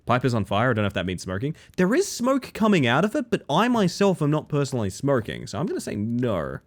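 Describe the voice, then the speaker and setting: A young man from Australia, a streamer talking casually with his chat, animated and swearing freely. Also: mid-range voice, fast talker.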